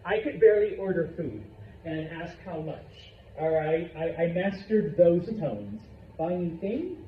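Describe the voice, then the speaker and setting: A male Spanish teacher giving a classroom lesson, animated and constantly checking in with the students. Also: fairly high pitch, measured pace, slight background noise. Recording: echoey classroom from far off, dull.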